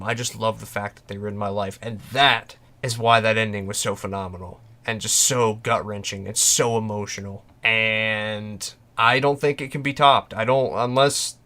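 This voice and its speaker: Bright-voiced man arguing emphatically. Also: lowish voice. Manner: emphatic, argues a point with restarts. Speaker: podcast panelist. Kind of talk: casual podcast discussion.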